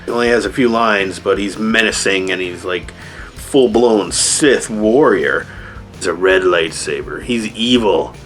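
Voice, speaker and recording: A man's voice: on the low side, measured pace, fairly bright tone, soft background music. A man giving a casual, rambling movie review with sarcastic asides. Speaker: video reviewer.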